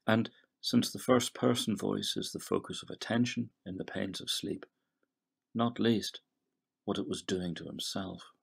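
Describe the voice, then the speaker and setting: A middle-aged man, a literature professor giving a recorded poetry lecture in a measured, analytical way, trailing off softly at the ends of phrases. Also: fairly low pitch, vocal fry, slightly rough. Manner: scans verse syllable by syllable.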